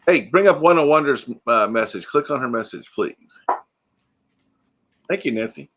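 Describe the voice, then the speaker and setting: A man's voice: mid-range voice, expressive, normal speed, highs cut off, noisy background. Chatty man hosting a live stream. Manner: chatty, reads viewer comments aloud and answers them. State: groggy, freshly woken. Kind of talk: casual live stream chat.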